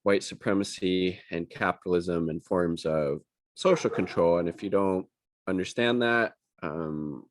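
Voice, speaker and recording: A man's voice: low voice, unhurried, no room sound. A man reading news items aloud and giving angry, profane, sarcastic commentary on them. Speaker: political commentator.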